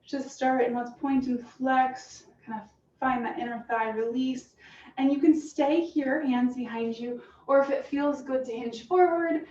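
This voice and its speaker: A woman fitness instructor calmly cueing a stretching class with encouraging guidance. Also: sits high, measured pace. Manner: calm, encouraging cueing with soft breathy asides. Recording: roomy, distant, dull sound with faint hiss.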